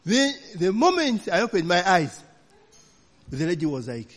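Preacher in an echoing hall. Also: male voice, sits high, very animated, measured pace, fairly bright tone. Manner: chatty, laughing, peppers lines with "you know, eh?". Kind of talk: storytelling sermon.

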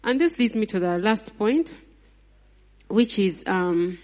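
A married woman preaching a lively sermon, acting out scenes with laughs and sudden high exclamations. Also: slow pace. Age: adult, married mother. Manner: acts out voices of people and God in her retelling. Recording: long hall reverb.

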